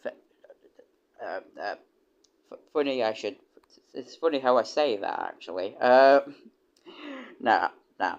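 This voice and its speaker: A man's voice: medium pitch, big pitch swings, slow pace, long pauses. A young British man streaming, chatting casually and rambling with many restarts and casual swearing. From United Kingdom. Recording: dull lo-fi stream audio.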